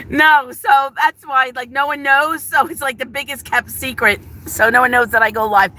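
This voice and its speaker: A woman's voice: high voice, normal speed, few pauses. A middle-aged woman, a schoolteacher, chatting casually on a live stream from her car, reading viewer comments aloud with frequent laughs and fillers. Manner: chatty and warm, laughs often, many fillers. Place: inside a car.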